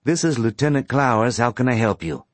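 A man voicing a brisk, businesslike male police lieutenant. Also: mid-range voice, animated, no echo, voice pushed up, lightly acted.

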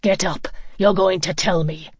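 A woman's voice: on the low side, fairly even intonation, a little slow, slightly rough, dry recording, studio quality. Woman reading as a furious jilted young man. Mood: angry.

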